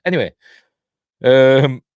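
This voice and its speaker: A man's voice: mid-range voice, slow pace, darkish tone, smooth, no echo, dull audio. Rambling Yorkshireman reviewing a film. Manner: rambling with chuckling asides.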